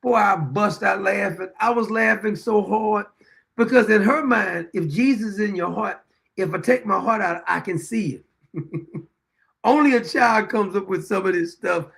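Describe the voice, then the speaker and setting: A middle-aged man hosts his own show and talks through homespun stories with a high-pitched voice and a rough, gravelly edge. He repeats lines for emphasis and breaks into frequent chuckles. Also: normal speed, fairly bright tone. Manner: chuckles often while telling anecdotes; folksy, repeats phrases for emphasis. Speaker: show host. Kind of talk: casual storytelling monologue.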